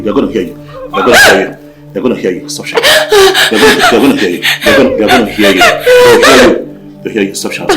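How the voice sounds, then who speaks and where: A man playing a menacing violent husband. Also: low-quality recording. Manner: menacing, taunting, swings from low mutter to shouting. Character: menacing violent young husband threatening his wife. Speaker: abusive husband. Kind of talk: Nollywood film acting.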